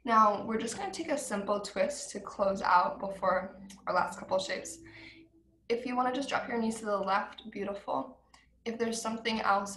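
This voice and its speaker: A woman's voice: mid-range voice, a little hiss or hum. Woman guiding yoga over a video call. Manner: calm, encouraging cues with soft laughs. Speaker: yoga teacher. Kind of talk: guided vinyasa class instruction. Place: at home. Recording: roomy video call audio, faint ambience.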